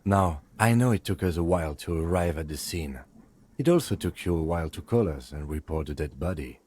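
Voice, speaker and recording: Reserved game-world police lieutenant; deep, measured and exact. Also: male voice, expressive, a little mellow, husky. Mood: composed. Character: calm formal male police lieutenant. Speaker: detective. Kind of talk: video game voice acting.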